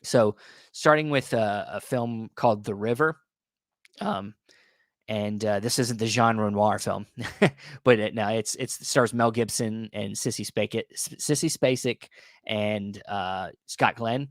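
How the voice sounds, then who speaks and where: A man's voice: on the low side, measured pace, no echo, clean studio sound. A man hosting a casual vlog about his recent Blu-ray purchases, rambling with many restarts and fillers, his voice a little worn as he is losing it. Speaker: video host reviewing Blu-ray purchases. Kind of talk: casual unscripted vlog talk.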